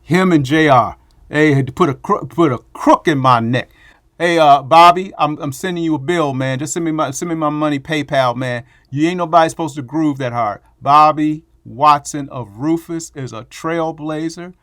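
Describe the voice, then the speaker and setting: A man's voice: a little high, normal speed, fairly bright tone, dry recording, clean studio sound. Affectionate man giving heartfelt thanks. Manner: affectionate, rambling, emotional. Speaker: bass player giving thanks. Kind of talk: heartfelt spoken tribute.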